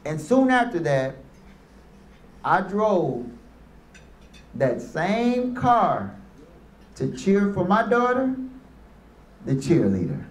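Speaking to youth and parents in an echoey room with a live audience, a motivational speaker draws listeners in through stories and call-and-response, asking for an amen. His voice sits high for a man, swings widely in pitch, and moves extremely slowly with long pauses.

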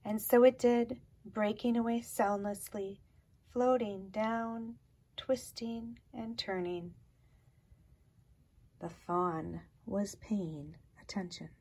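Slow, breathy woman reading a storybook. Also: mid-range voice. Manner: slow, gentle, expressive reading with soft hushed passages. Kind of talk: reading a children's picture book aloud.

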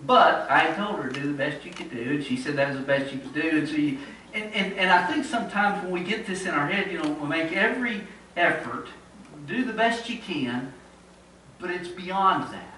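A man's voice: sits high, animated, moderate pace, sharp tone, slight background noise. A middle-aged man preaching a sermon in a church, earnest, often repeating words as he builds a point. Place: church sanctuary. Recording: very echoey church from a distance.

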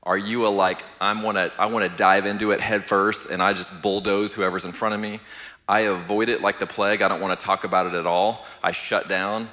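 Bright-voiced pastor in a reverberant hall. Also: male voice, fairly low pitch, fairly quick. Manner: steady, even-keeled, asks the room "how many know". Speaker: pastor teaching a marriage class. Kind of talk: conversational church class teaching.

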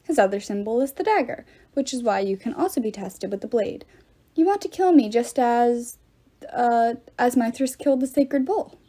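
A woman reading the part of a bold, clever teenage girl who talks back quickly and bluffs with confidence. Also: a little high, animated, dark tone. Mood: bluffing.

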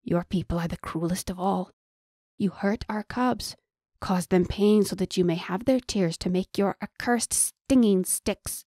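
A woman voicing a menacing male frost griffin who speaks in a slow, deliberate hiss. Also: medium pitch, dark tone, no room sound, studio quality, lightly acted. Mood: hissing menace.

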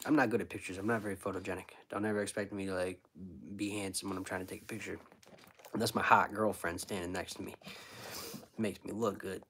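A man's voice: low voice, fairly even intonation, fast talker, fairly bright tone, slight background noise. A man, a street musician, chatting casually with viewers on a livestream, laid-back and rambling, full of slang like dude and bro.

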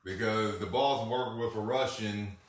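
A man's voice: on the low side, unhurried. Man telling a rambling story in an echoey room. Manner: rambling anecdotal delivery with restarts. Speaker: podcast host. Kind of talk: casual storytelling chat. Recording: echoey room, distant from mic.

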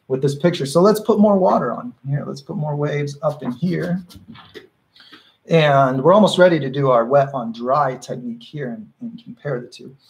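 A painting instructor leads a live workshop, casually and encouragingly explaining his brushwork while thinking aloud and frequently restarting sentences. His voice is medium-pitched and slightly mellow, and the audio quality is poor.

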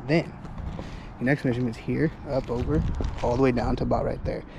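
A man's voice: medium pitch, fairly even intonation, fairly quick, gravelly. A young male roofer walking rooftops outdoors and casually explaining what he sees, at times out of breath. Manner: loose, explaining as he walks the roof. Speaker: roofing salesman and foreman. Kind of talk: casual walkthrough vlog. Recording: outdoor noise behind the voice.

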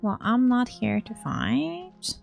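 A woman's voice: fairly high pitch, huge pitch swings, slow, gravelly, over music. A woman giving chatty let's play commentary, often scolding herself and talking back to game characters. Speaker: gaming streamer.

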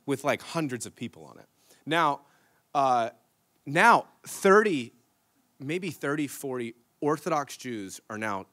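A man in his thirties, a pastor, telling a story in a sermon. He is animated, laughs often, and swings between loud bursts and hushed asides. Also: mid-range voice. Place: church stage.

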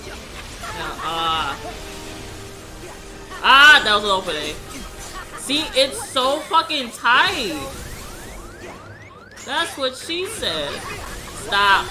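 Profane, excitable woman gamer. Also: mid-range voice. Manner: profane, excitable, yells at the game. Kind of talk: casual gameplay commentary.

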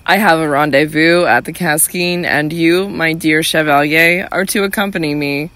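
A proud aristocratic lady, teasing and imperious, as a male narrator reads her lines. The voice sits high and sounds close and dry. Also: steady tone, moderate pace, pushed and bright, dry recording.

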